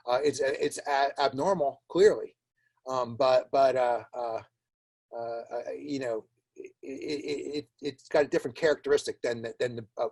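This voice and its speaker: A man giving an informal webinar lecture on plant diagnostics, chatty and wry, full of fillers and repeated words. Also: medium pitch. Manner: wry, laughs at his own jokes.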